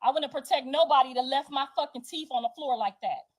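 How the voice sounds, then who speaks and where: On a livestream, a woman with a voice pitched well above the usual range launches into a heated personal rant. She's confrontational and profane, speaking fairly quickly and driving her points home through repetition. The recording is rough.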